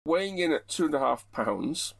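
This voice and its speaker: A middle-aged man, chatting in a measured, gently wry way as a co-host. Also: fairly high pitch, lively intonation, vocal fry, no room sound. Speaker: podcast co-host. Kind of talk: casual chat.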